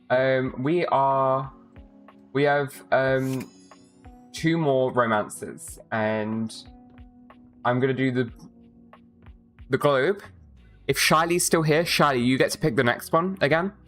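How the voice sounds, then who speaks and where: A woman's voice: very deep voice, takes it slowly, pauses often, faint music behind. A woman streaming a video game, chatting casually and rambling with her viewers, often swearing. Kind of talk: casual live-stream chat.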